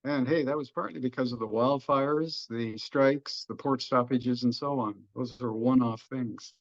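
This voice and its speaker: A middle-aged economist with a Texan accent talks through markets in a folksy, joking manner, at an ordinary pitch. The sound is dull and lo-fi, like a webinar call. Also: male voice, steady tone, a little slow. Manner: folksy, jokey explanations. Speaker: economist guest. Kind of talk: webinar discussion.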